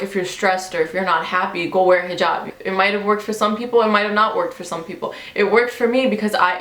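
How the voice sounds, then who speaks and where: A woman's voice: medium pitch, fairly bright tone, echoey room. A young woman tells a personal story to her viewers in a casual, chatty way, filling her speech with "like" and "you know.". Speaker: vlogger. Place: bedroom at home.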